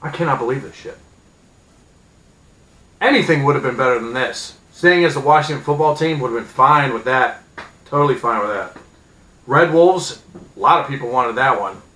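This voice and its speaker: A man in his thirties ranting angrily as a sports fan, profane and sarcastic, with loud outbursts. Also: medium pitch, fairly quick, roomy sound, poor audio. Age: 30s. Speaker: vlogger. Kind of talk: angry sports fan rant.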